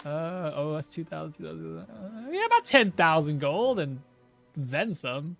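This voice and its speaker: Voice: mid-range voice, very animated, unhurried, creaky, fairly bright tone, faint music behind. A gameplay streamer giving casual commentary, chatting with viewers, reading out chat and laughing at their own jokes.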